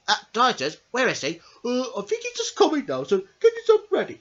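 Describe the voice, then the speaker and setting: Giggly woman with a wildly swooping, husky voice. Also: fairly high pitch, wildly swooping pitch, fairly quick, lo-fi sound. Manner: giggly, swapping between silly character voices. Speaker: hobby puppet show creator voicing all characters. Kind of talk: playful homemade character play.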